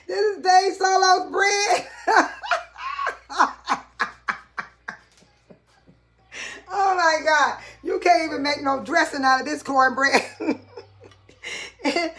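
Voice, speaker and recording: A woman's voice: mid-range voice, a little hiss or hum. Woman, chatty kitchen vlog, laughing, dishes clinking faintly behind. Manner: chatty, laughs a lot, addresses viewers as y'all. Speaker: vlogger. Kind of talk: casual kitchen vlog talk. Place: home kitchen.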